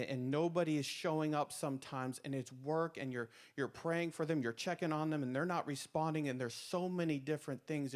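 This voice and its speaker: A man preaching a sermon to small group leaders, emphatic, repeating phrases with rising force and often restarting his words. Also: medium pitch. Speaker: pastor.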